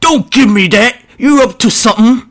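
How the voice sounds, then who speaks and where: A man voicing a huge, suspicious male orc warboss who bellows gruff shouts in a storybook reading. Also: extremely high pitch, slow pace, pitched above the performer's own voice, heavily acted. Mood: bellowing.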